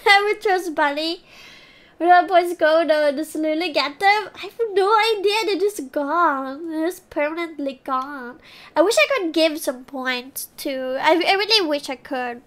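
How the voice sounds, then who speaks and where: Very high-pitched giggly woman streamer. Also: measured pace. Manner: giggly, laughs often between lines; excitable, groans and cheers at the game. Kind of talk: casual live gameplay chat. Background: faint background music.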